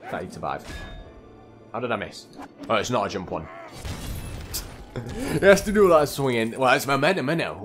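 Young man, low voice, lively gameplay commentary, chatty, faint music behind. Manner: excitable, chatty, keeps calling the viewers "lads" and "mate". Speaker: gaming channel host. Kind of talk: let's play gameplay commentary.

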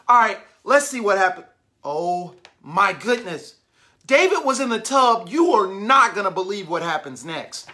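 Animated woman reading a kids' book. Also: medium pitch, a little slow. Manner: animated, questions the listeners. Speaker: storyteller reading to children. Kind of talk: read-aloud picture book for kids.

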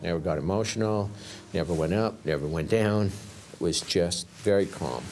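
A man's voice: low voice, normal speed, darkish tone. A man who worked as a police investigator, telling his story in an interview in a plain-spoken way and often retelling what was said. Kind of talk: interview recollection. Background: documentary music.

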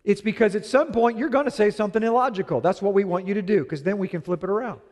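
A middle-aged male pastor preaching a sermon, telling a story with animated delivery and acting out both sides of a quarrel. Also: high voice, quick pace. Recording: long hall reverb.

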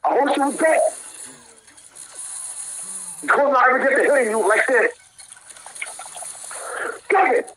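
A man's voice: extremely high pitch, normal speed, pauses often, pushed and bright, husky, low-quality recording. A young man streaming a video game, swearing and ranting in frustration at his opponent. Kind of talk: live gameplay commentary.

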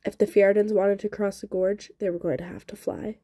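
A woman reading a novel aloud with steady, expressive narration. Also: mid-range voice, fairly quick, no echo. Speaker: audiobook reader.

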